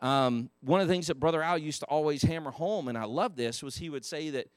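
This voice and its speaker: Male Sunday school teacher, slightly high voice, conversational, dry close sound. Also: fairly quick, dry recording. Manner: conversational, asks the class questions. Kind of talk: Sunday school Bible lesson. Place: church classroom.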